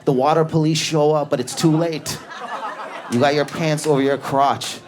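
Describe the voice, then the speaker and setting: Brief: male stand-up comic, manic and profane, neurotic crowd work, live club audience laughing. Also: steady tone. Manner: high energy, profane, neurotic, rapid riffs. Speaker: stand-up comedian. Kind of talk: stand-up comedy, riffing on an audience member. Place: comedy club stage.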